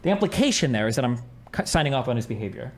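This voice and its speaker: Fast-talking man explaining a point. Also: medium pitch, very animated. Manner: hedging, explanatory reasoning.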